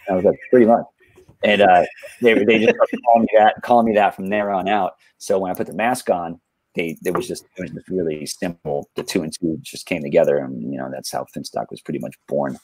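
A man's voice: very deep voice, darkish tone, slightly rough, no echo. A man, a guest telling a rambling, laid-back story on a livestream, full of fillers and restarts.

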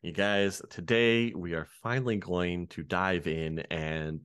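A man's voice: low voice, steady tone, a little slow, hardly any pauses, fairly bright tone, clear, resonant tone, no echo. A man hosting a podcast in an easygoing way, chatting and plugging the show, laughing often. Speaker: podcast host. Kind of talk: casual chat and show promo.

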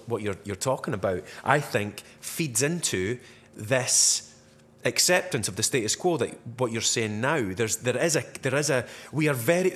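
A man's voice: mid-range voice, fairly bright tone, slightly rough. A Scottish man hosting a podcast in casual chat, frank and given to swearing and restarts. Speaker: podcast host.

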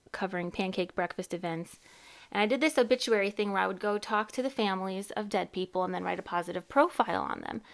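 Chatty thirties woman hosting a podcast, rambles and laughs, average-pitched voice. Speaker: podcast host and therapist. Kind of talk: casual podcast chat.

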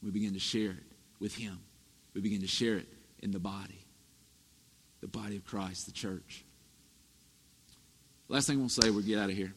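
A man in his thirties preaching a sermon, telling family stories with animated, emphatic delivery. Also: lowish voice, normal speed, pauses often, husky. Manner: storytelling, animated, rising to emphatic peaks. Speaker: pastor. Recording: echoey hall reverb.

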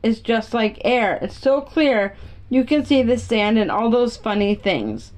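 A woman's voice: on the high side, expressive, unhurried, a little mellow. A woman reading a children's book aloud, voicing a sensible, caring older sister close to her own voice. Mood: practical.

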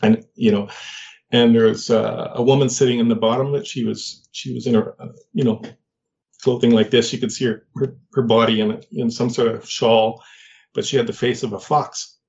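An older man telling a personal story in a halting way, with many fillers and restarts. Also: medium pitch, flat delivery, creaky, darkish tone, dull audio. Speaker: guest.

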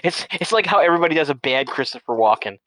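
A man's voice: on the high side, animated, fast, a bit bright, dry recording, rough recording. A man in casual chat who rambles, restarting and repeating words often.

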